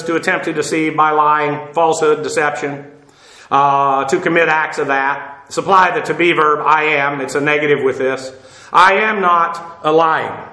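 A man's voice: a little high, sharp tone, echoey room, poor audio. A man giving a verse-by-verse Bible lesson, explaining Greek words and spelling them out letter by letter with frequent "uh" fillers. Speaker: pastor teaching the Bible.

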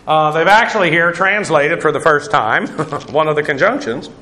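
High-voiced man teaching scripture, roomy echo. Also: moderate pace, pushed and bright. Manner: conversational, digressive, explains Greek grammar. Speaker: Bible teacher. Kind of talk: verse-by-verse Bible teaching.

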